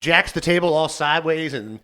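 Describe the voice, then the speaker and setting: A man co-hosting a podcast, telling a story about a difficult customer in a casual, animated way and acting out what people said. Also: fairly high pitch, moderate pace, clear, resonant tone. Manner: animated, acts out customer quotes. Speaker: podcast co-host, server.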